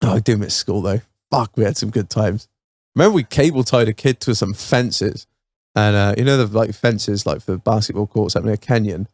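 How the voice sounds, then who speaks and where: A man's voice: fairly low pitch, normal speed, darkish tone, no echo, studio quality. A man co-hosting a podcast, telling school stories in a sweary, laughing, casual chat. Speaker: podcast co-host.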